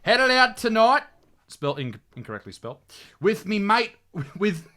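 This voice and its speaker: A man with a distinctly high voice and an Australian accent. He hosts a comedy show with crude, loud banter, swearing freely and laughing as he reads captions aloud. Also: big pitch swings, normal speed. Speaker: host. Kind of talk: comedic commentary.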